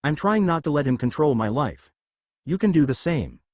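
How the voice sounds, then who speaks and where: A man's voice: fairly high pitch, big pitch swings, moderate pace, no room sound. A man reading the lines of a young witch girl who consoles her friend, in a storybook reading. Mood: consoling. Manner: gentle, pleading.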